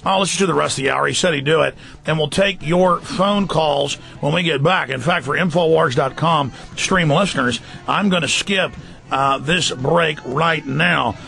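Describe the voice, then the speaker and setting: Gravelly forceful talk radio host. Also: male voice, fairly high pitch. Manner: urgent, forceful, rapid delivery with fillers. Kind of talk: fast talk radio monologue.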